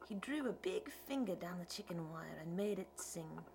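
A woman narrating an audiobook in a measured, even storytelling manner. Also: lowish voice, vocal fry, slight background noise, poor audio. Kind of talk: scripted narration.

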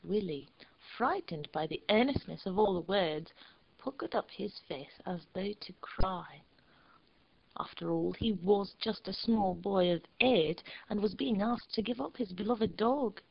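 A woman narrating a storybook in a measured, steady reading voice. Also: medium pitch, gravelly, breathy edge, dry recording, lo-fi sound.

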